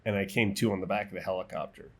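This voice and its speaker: Man retelling a blast in halting bursts. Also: low voice, steady tone. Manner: vivid, halting retelling with quoted voices and restarts. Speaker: guest, military veteran. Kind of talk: personal storytelling.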